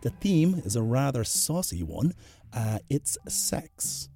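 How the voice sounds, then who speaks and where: Male podcast host, gravelly and mellow, relaxed outro read. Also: mid-range voice, slow pace, faint music behind.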